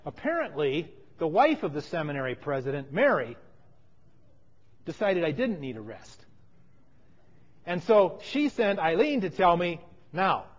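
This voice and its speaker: High-voiced man preaching in a reverberant hall. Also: sing-song, measured pace, long pauses. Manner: storytelling, emphatic, drops to quiet phrases. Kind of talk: sermon with personal story. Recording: dull sound with long hall reverb.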